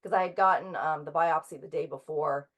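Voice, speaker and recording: A woman in her thirties, a guest author talking casually in an interview, halting with frequent ums and restarts. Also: deep voice, a bit bright.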